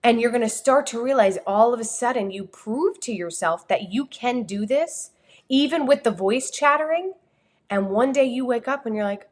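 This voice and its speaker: A woman with a New Jersey accent, a communication coach giving an energetic, expressive motivational talk on a livestream. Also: fairly high pitch, moderate pace. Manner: energetic, expressive, talks with her hands.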